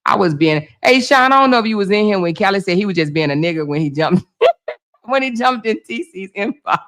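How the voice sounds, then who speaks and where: Speaking at a normal speed and medium pitch, a female livestreamer dishes out gossip commentary. She's lively, laughs a lot, curses without restraint and addresses her chat directly.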